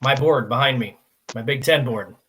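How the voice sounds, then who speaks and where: A man's voice: mid-range voice, moderate pace, fairly bright tone, slightly rough. Joking male sports radio co-host. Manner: chatty and joking. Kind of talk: casual sports radio chat.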